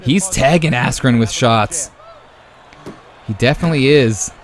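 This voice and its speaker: A man hosting his own channel, giving casual, excitable play-by-play commentary on a simulated boxing video game and tossing in "man" and "brother" as he talks. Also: mid-range voice, a little slow. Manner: excitable, jumps to loud exclamations at big moments. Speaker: YouTube sports host.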